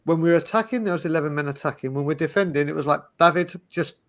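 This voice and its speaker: A man in casual chat, telling animated stories with frequent restarts. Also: on the high side, racing. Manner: animated, storytelling, restarts often. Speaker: podcast panelist.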